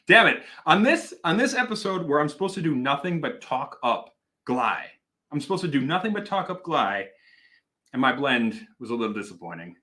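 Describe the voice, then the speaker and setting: His pitch is fairly high with big swings, his tone sharp, and his pace moderate. The speaker is a whiskey reviewer near Milwaukee, Wisconsin, animatedly hosting a casual livestream, reading viewer comments, swearing casually and showing a self-deprecating streak.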